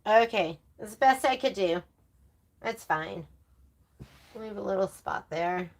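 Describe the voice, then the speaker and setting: Slow-paced and expressive at a medium pitch, a woman presents a sewing livestream from her home sewing room. She chats casually and rambles, with laughing asides.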